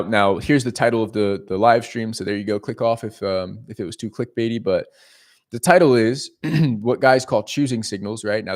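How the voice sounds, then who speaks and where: Young guy on a livestream, rambly and sweary, keeps going "right?". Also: fairly low pitch. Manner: rambling, profane, self-interrupting with "right?". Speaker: leasing agent streaming to viewers. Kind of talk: casual livestream storytelling.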